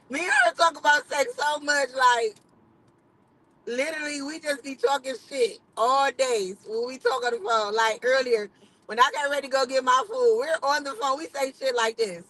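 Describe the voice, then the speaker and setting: A woman's voice: high voice, sharp tone, low-quality recording. A woman hosting her own livestream, chatting candidly and with plenty of swearing and laughter. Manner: candid, profane, laughs often. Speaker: livestream host. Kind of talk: casual livestream chat.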